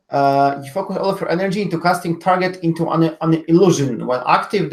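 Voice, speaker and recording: A tabletop game player describing their character's actions in a rambling way, with many likes. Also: medium pitch. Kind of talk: tabletop role-play. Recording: roomy echo.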